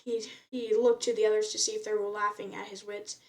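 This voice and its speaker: A woman's voice: mid-range voice, level tone, fairly quick, darkish tone, far from the mic. A woman reading a novel aloud in an unpolished way, often stumbling and restarting words. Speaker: reader.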